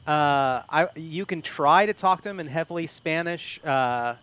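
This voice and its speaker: A man, narrating as game master in an unhurried, descriptive way. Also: a little high, fairly bright tone, clear, resonant tone.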